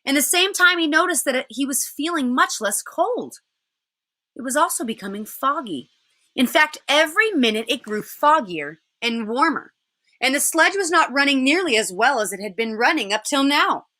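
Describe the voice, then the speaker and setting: A woman teacher reading a children's novel aloud in an expressive way. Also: high voice, normal speed.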